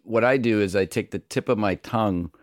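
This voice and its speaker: A man's voice: on the low side, fairly quick, dry recording, studio quality. A man who does comedy and voice work, telling stories loosely and swearing freely in a casual interview. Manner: animated, swearing storyteller. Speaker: comedian and voice actor.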